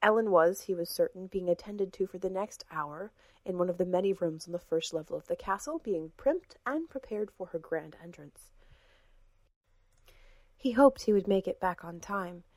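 Woman audiobook narrator, lower voice, measured and hushed, dry booth sound. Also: expressive, no room sound. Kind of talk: scripted narration.

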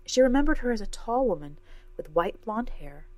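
A woman's voice: medium pitch, sing-song, moderate pace, darkish tone. A woman reading a fantasy story aloud as scripted narration, raising her voice for the characters' lines. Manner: reads every character herself, lifting her voice for dialogue.

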